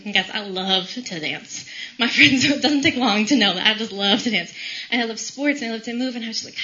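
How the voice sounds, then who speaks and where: Bright-voiced woman giving an emotional faith talk. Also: on the high side, normal speed, highs cut off. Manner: emotional, laughing and tearful, many fillers. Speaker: doctor giving a faith talk to medical trainees. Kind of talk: faith talk with scripture reading and personal story.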